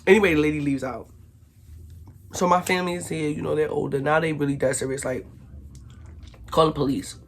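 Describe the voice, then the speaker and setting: Animated woman from Brooklyn telling a story. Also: deep voice, a little fast, pauses often, a little hiss or hum. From Brooklyn, New York. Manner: animated, acts out shouted quotes. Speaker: vlogger. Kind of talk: casual storytime.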